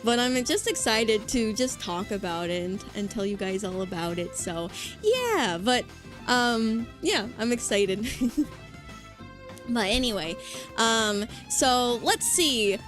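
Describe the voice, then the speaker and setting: A woman VTuber chatting casually on a livestream, excitable and rambling with lots of fillers. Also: fairly high pitch, slow, music in the background. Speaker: VTuber streamer.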